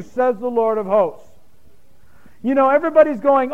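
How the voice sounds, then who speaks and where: A man's voice: extremely high pitch, expressive, moderate pace, pauses often, clear, resonant tone, phone-quality sound. A man preaching a sermon with emphatic bursts and questions thrown to the congregation. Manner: emphatic, rising to loud points, quizzes the congregation.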